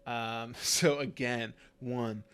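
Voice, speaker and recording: A man's voice: mid-range voice, steady tone, extremely slow, a bit bright, clean tone. A man narrating as game master of a tabletop game, rambling with fillers and laughs.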